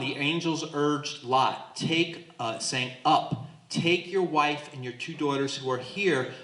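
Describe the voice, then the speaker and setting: A man leading a Bible study as pastor, teaching in an animated way and acting out the voices in the text to his group. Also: on the high side. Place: church hall with a small group. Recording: echoey room.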